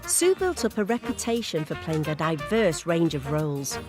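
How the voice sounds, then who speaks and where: A woman narrates a documentary in a smooth storytelling manner. Her pitch moves a lot across each line. Music runs clearly behind her. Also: big pitch swings, moderate pace. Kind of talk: scripted narration.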